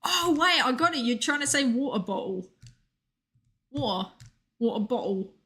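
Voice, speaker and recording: A woman's voice: high voice, lively intonation, normal speed, fairly bright tone. A young woman streaming a game, chatting casually and reading out chat with joking asides.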